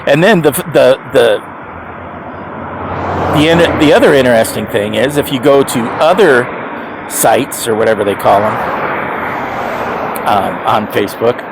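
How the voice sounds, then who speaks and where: A man's voice: mid-range voice, moderate pace, pauses often, very noisy. A man over fifty rambling casually to camera, chuckling often and restarting his sentences with emphatic repeats. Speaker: e-bike rider vlogger.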